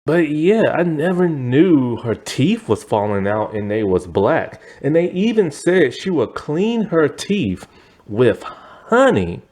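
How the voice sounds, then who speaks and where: A man talking casually as a TV review vlogger, chatty and meandering, with lots of "like" and "you know.". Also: slow. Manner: animated, swooping pitch. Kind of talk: casual chat.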